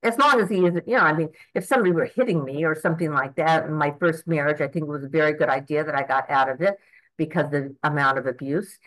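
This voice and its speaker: A woman's voice: low voice, fast, a bit bright, poor audio. A woman of eighty giving an earnest, rambling personal testimony at a recovery meeting, with frequent restarts and fillers. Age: 80s.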